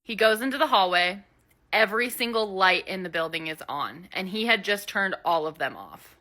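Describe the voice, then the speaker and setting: A young woman recounting a ghost encounter in a steady, matter-of-fact way. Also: mid-range voice, moderate pace. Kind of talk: casual storytelling.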